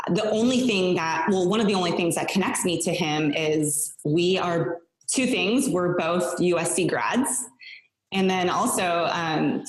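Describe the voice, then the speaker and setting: Rich: A bubbly woman chatting as a new podcast host, laughing easily and restarting her thoughts. Her voice sits a little low for a woman. The room around her is roomy and echoey. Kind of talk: casual interview chat.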